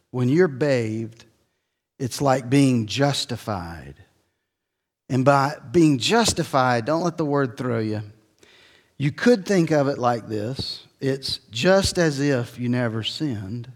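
A middle-aged man preaching an expository sermon in a relaxed, conversational teaching manner. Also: medium pitch, in a large hall. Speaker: pastor.

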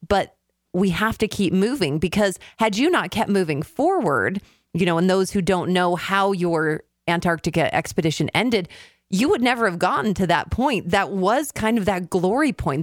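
Earnest woman host, low voice. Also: expressive, moderate pace, no room sound, studio quality. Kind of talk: interview question.

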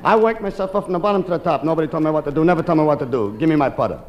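A gruff, stubborn self-made man, put on by a comedian in an old radio joke, a bit lower than his usual voice and talking fast. He insists on everything, and the 1950s broadcast recording is full of hiss. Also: lo-fi sound, lightly acted.

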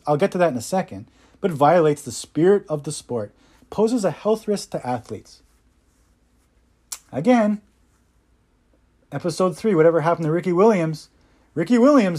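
A man's voice: high voice, darkish tone. A man hosting his own podcast, giving impassioned, sarcastic solo commentary with mocking asides. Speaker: podcast host.

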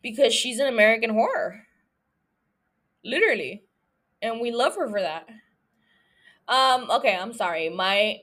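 A young solo podcast host, she speaks in a fairly high, somewhat bright voice. Her rant is rambling, giggly and profane, hopping between thoughts.

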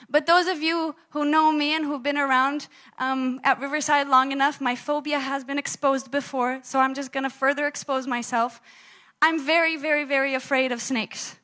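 A woman with a high, bright voice delivers a sermon in a church. She tells personal stories with lively animation and laughs at herself along the way. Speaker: preacher.

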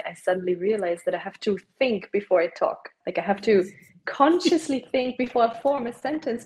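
A young woman of medium pitch and darkish tone, recorded in low quality, chats casually as a podcast guest. Her first language is German, and she drops "like" into her speech often.

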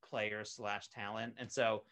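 A man's voice: on the low side, level tone, takes it slowly, a bit bright. Man, voice actor, casual interview, rambling, lots of fillers, eager. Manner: rambling, many fillers and restarts; eager, enthusiastic. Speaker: voice actor on an animated web series, interview guest.

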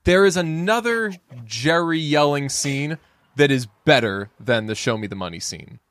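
A man chats casually on a podcast about a film, animated and loose, throwing himself into quoted lines and dropping the odd swear. His voice sits a little higher than most men's. The sound is dry and close, with no room around it. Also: moderate pace, dry recording. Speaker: podcast co-host. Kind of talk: casual chat about a movie.

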